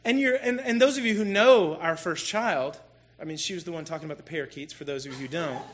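Guy preaching, telling his own story, high bright voice, lively and poking fun at himself. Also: fast. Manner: animated, self-deprecating storyteller. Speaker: church speaker. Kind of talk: personal story in a sermon.

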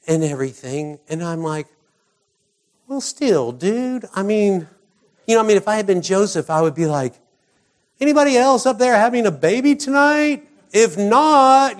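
American male pastor, chatty storytelling sermon, slightly raised pitch, brings characters to life. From United States. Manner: animated storyteller who voices characters.

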